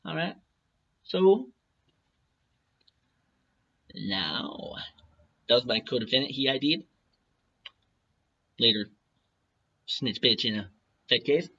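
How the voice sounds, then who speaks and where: A man's voice: medium pitch, sing-song, slow pace, pauses often, pushed and bright, dull audio. A man in his thirties ranting to camera in a profane, mocking, taunting way, reading documents aloud between jabs. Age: 30s. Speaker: vlogger.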